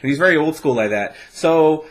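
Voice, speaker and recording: American man, casual chat host, lively swooping pitch, rambling, swears a lot. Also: brisk. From United States. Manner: animated, rambling, swears freely. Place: home webcam setup.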